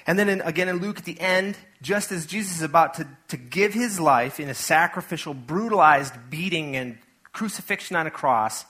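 Bright-voiced man preaching conversationally. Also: a little high, moderate pace, slightly rough. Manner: conversational, animated preaching with asides and acted-out quotes. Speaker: pastor. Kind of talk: sermon. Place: church.

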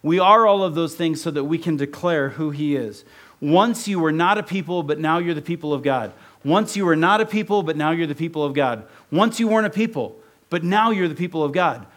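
A man from Ohio preaching a sermon in a conversational way, often checking in with the congregation. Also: a little high. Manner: conversational preaching with repeated "right?". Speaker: pastor.

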